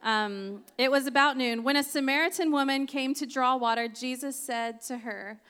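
A woman's voice: high-pitched, normal speed, hardly any pauses, a bit bright, clean tone. A woman preaching a sermon, reading scripture aloud with chatty, laughing asides.

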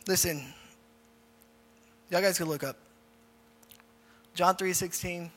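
A man's voice: high-pitched, fairly even intonation, takes it slowly, fairly bright tone. A man preaching as a youth pastor in a casual, repetitive style, leading a group prayer. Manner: informal, repeats phrases, leads group prayer. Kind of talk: casual youth sermon with altar call. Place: church hall. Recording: reverberant hall with faint music.

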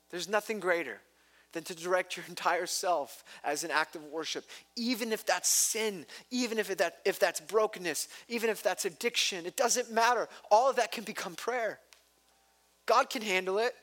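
Male pastor in his thirties, high-pitched, preaches with passion and loose, chatty asides. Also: normal speed, fairly bright tone. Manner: impassioned, rising to emphatic peaks, chatty asides. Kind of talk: sermon. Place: church.

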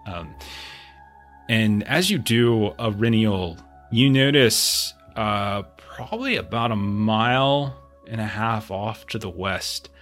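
A man's voice: on the low side, lively intonation, takes it slowly, fairly bright tone, faint music behind. A man narrating as game master, talking casually with many fillers and restarts.

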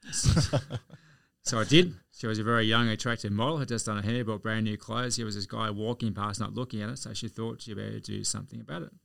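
Gravelly, bright-voiced Australian man. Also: on the low side, fairly even intonation, brisk, no echo. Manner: chatty, anecdotal, chuckles through stories. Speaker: podcast guest. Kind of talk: casual storytelling.

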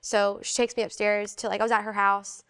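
A woman's voice: medium pitch, a little fast, clear, resonant tone. A young adult woman as an interview guest, telling a personal testimony in casual storytelling style, full of "like" and acting out the voices she quotes. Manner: animated, fillers of "like", acts out quoted voices.

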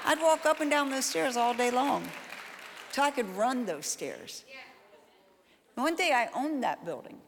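A woman's voice: high-pitched, expressive, a little slow, pauses often, slight background noise. A woman preaching a sermon, folksy and talking straight to the crowd, building into a rhythmic, chant-like exhortation. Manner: folksy, direct address to the crowd.

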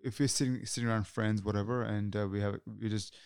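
Male podcast host, lowish and resonant, earnest and halting, dry close-mic sound. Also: steady tone, darkish tone, smooth, dry recording. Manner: earnest, repeats himself, many restarts. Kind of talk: casual podcast conversation.

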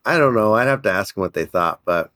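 Energetic storytelling man, low voice. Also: fast, no room sound. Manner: energetic, animated, laughs often. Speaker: guest telling a business story. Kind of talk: casual storytelling.

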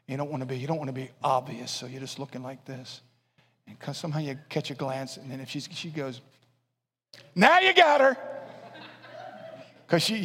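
A man preaching a sermon to young people, animated, dropping to low mumbles when he mimics excuses and rising to shouts. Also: slightly rough. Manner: animated, swings from quiet asides to shouting. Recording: long hall reverb.

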